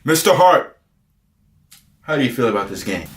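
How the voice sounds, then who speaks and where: A man hosting a comedic sports prediction show who swings into exaggerated, shouted mock outrage. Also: mid-range voice, sing-song, normal speed. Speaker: host. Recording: echoey room.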